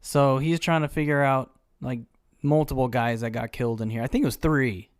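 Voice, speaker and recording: A man co-hosting a casual podcast, talking about a film in an easygoing, relaxed way. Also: mid-range voice, a little fast, clean tone. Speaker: podcast co-host. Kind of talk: casual chat.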